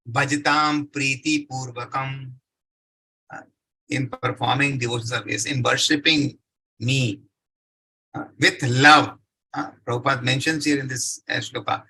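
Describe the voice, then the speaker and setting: Man, scripture lecture, very bright tense voice, husky edge, recites verses then explains. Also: fairly high pitch, rough recording. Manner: asks the listeners rhetorical questions and answers them. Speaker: scripture class speaker.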